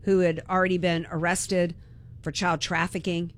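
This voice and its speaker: A woman's voice: lowish voice, level tone, moderate pace. A woman hosting talk radio, delivering an impassioned, indignant political monologue and repeating words when worked up.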